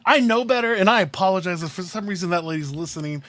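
A man's voice: high voice, expressive, fast, a bit bright, dry recording. A man hosting a podcast, telling a story in casual chat and acting out his own outbursts. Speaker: podcast host.

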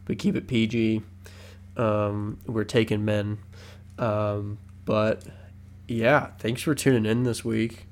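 A man co-hosting a casual podcast, talking in a relaxed, rambling way with lots of filler words. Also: on the low side, slow. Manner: laid-back, rambling, full of "um" fillers. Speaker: podcast co-host.

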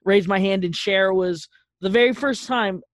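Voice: mid-range voice, moderate pace, no echo. Easygoing, hesitant podcast producer. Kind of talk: casual podcast chat. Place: remote, online.

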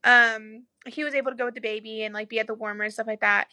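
Chatty bright-voiced young woman. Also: fairly high pitch, steady tone, fast talker, no echo. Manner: chatty, heavy use of "like", acts out quoted lines. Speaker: mother telling her birth story. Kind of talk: casual chat.

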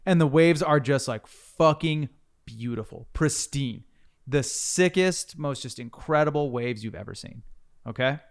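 A man's voice: mid-range voice, a little slow. A man hosting a podcast, telling a long hypothetical story with casual swearing and a building of suspense. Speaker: podcast host.

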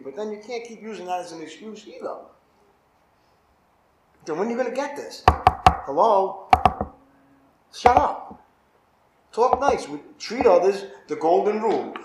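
A man's voice: high-pitched, a little hiss or hum. A man, a pastor, teaching a Bible study in an informal, conversational way and often asking his listeners "right?". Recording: echoey room.

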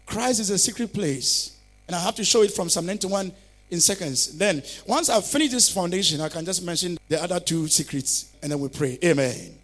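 A man's voice: high-pitched, brisk, a bit bright. A male pastor preaching a fervent sermon, calling on listeners to repeat declarations after him.

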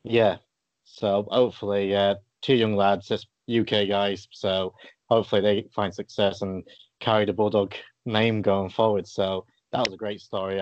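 A man with a fairly low voice hosts a casual interview in an easygoing style. He leans on fillers. His audio is dry and a little dull, like a lo-fi recording. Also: no echo.

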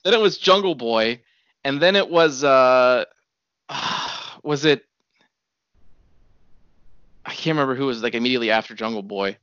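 A man's voice: mid-range voice, lively intonation, a little slow, long pauses, fairly bright tone, clear, resonant tone, no echo, lo-fi sound. A man co-hosting a casual chat, laid-back and a bit hesitant as he fills in details. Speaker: podcast co-host.

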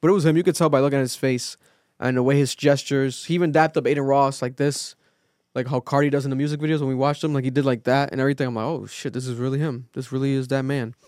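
A male podcast host in casual chat, telling a story with lively acted-out quotes and plenty of swearing. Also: mid-range voice, fast talker, dry recording, clean studio sound. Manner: animated storytelling, acts out quotes, swears freely.

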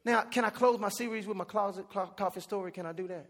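A man preaching with a high, bright voice. He tells a comic story from the pulpit, building to animated shouts. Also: fast talker. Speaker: pastor. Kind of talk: storytelling sermon.

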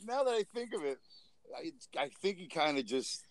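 A man's voice: a little high, sing-song, moderate pace, no room sound. A man co-hosting a podcast, telling a rambling story with frequent laughs in a casual chat. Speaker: podcast co-host.

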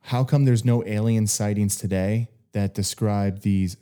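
A man's voice: fairly low pitch, steady tone, a little slow, dark tone, clear, resonant tone. A man co-hosting a casual podcast chat, asking rambling, skeptical questions. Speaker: podcast co-host.

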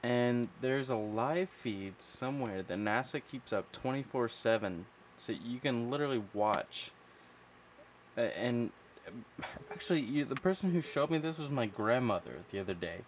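A man co-hosting a podcast in relaxed casual chat, hesitant, with many fillers. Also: mid-range voice, normal speed, slight background noise. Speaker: podcast co-host.

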